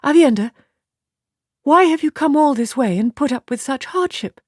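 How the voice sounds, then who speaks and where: A woman reading an audiobook, voicing a polite, well-taught young noblewoman in a high voice. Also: expressive, moderate pace, darkish tone, dry recording, clean studio sound. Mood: questioning.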